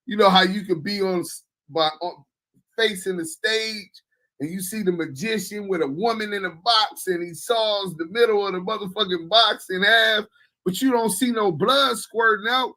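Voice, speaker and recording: A male podcast host with a high, bright, sharp voice reacts to a clip. He talks in a mocking, skeptical way and swears freely. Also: normal speed, rough recording. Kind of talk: reaction commentary.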